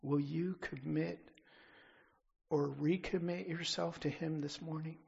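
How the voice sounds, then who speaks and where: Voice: mid-range voice, steady tone, a little slow, gravelly, darkish tone, husky, highs cut off. A pastor preaching a sermon with emphatic declarations that build and then drop back down.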